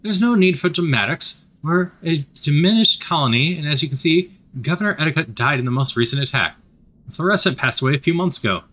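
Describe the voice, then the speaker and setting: A man's voice: a little high, expressive, fairly quick, pushed and bright, voice pushed up. A man voicing a firm colony official. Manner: firm, diplomatic.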